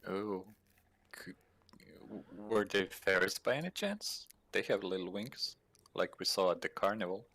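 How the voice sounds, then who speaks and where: A man's voice: sits low, measured pace, fairly bright tone. A man playing a tabletop game, snarky and teasing. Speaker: player.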